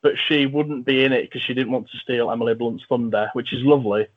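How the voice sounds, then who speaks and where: Brief: male podcast host, jokey and enthusiastic, mid-pitched voice, slightly muffled remote audio. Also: quick pace, a little hiss or hum. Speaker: podcast host and film reviewer. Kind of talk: casual chat.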